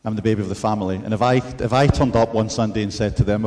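A man preaching a sermon in an earnest, measured way, mixing in storytelling asides. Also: fairly low pitch, steady tone, dark tone.

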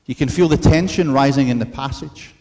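A man preaching a sermon in an earnest, measured way, mixing in storytelling asides. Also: medium pitch, darkish tone.

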